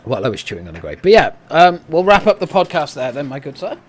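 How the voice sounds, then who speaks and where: A man's voice: fast talker, slight background noise. A man hosting a podcast on his live stream, chatting casually and laughing often. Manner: joking, laughs often, lively swings in pitch.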